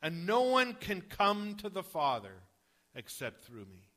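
A man's voice: high-pitched, huge pitch swings, measured pace, bright, forceful tone, full character voice. A man voicing a male teacher making emphatic, solemn declarations.

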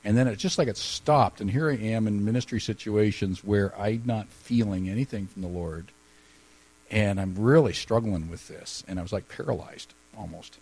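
A man in ministry giving an earnest personal testimony, halting a little as he speaks. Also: fairly low pitch, a little mellow, slightly rough, low-quality recording. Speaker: ministry leader sharing testimony.

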